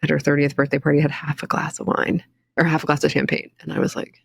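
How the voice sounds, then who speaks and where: A woman's voice: deep voice, flat delivery, quick pace, gravelly, husky, no room sound. A woman in her forties, a recovery coach and podcast guest, speaking earnestly and reflectively in a candid interview. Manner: earnest, reflective, quotes her own inner voice.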